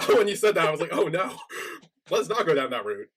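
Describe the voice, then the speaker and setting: A man's voice: a little high, very animated, brisk, a bit bright, breathy edge. A man co-hosting a podcast, chatting casually as he retells a show's episode and acts out the characters' lines. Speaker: podcast co-host. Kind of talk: casual recap chat.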